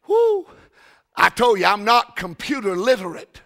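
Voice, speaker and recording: Gravelly, bright-voiced older preacher shouting. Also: male voice, high-pitched, huge pitch swings, slow. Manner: folksy, shouting and storytelling. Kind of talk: sermon.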